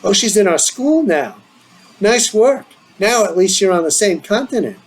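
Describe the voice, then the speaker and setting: A man's voice: expressive, moderate pace, breathy edge, rough recording. A man voicing a teasing, eager teenage boy, in a playful, needling manner. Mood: excited teasing. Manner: playful, needling, higher and brighter than his own voice.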